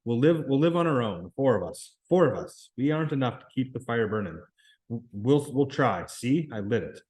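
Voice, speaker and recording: A man reading aloud and voicing a shrill, anxious boy who pleads and insists in rough everyday grammar. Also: animated, moderate pace, darkish tone, close to an everyday voice.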